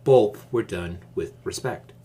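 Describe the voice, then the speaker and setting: A man hosting his own channel, giving advice in a calm, measured, deliberate casual monologue. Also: on the low side, a little hiss or hum.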